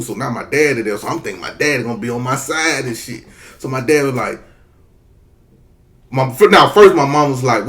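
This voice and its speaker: A man in his thirties telling a childhood story in a casual, profane, animated way. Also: mid-range voice, moderate pace. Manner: animated, profane, acts out voices.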